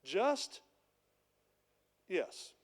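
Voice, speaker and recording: A man's voice: very slow, in a large hall. A man preaching a sermon as a pastor, retelling a parable in plain, conversational storytelling. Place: church.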